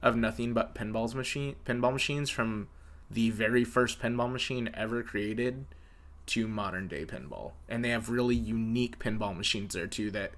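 A man's voice: medium pitch, normal speed, fairly bright tone. A man from Southern California co-hosting a podcast, asking questions and cracking dry, teasing jokes. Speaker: podcast co-host. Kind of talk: casual chat.

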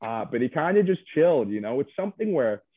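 A man's voice: mid-range voice, sing-song, quick pace, dry recording. A man who was a reality show contestant, chatting casually and rambling loosely with lots of fillers as he is interviewed over a call. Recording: dry tinny phone line.

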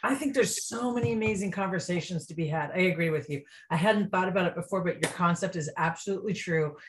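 A woman's voice: fairly low pitch, fast, slight background noise. A woman guest on an interview podcast, a restaurant consultant, talking earnestly and with enthusiasm in casual chat.

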